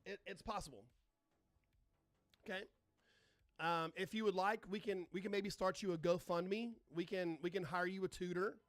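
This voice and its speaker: A man's voice: high-pitched, fairly even intonation, moderate pace, pauses often, dry recording, studio quality. A man hosting a live astronomy stream, chatting casually, swearing and reading out and answering viewer comments, sarcastic toward trolls. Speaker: astronomy livestream host.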